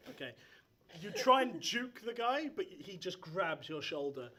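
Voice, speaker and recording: A man with a bright, ringing voice running a live tabletop game as game master. He narrates with animation and keeps jumping into loud shouted voices for the characters. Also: high voice, sing-song, measured pace. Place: live stage before an audience.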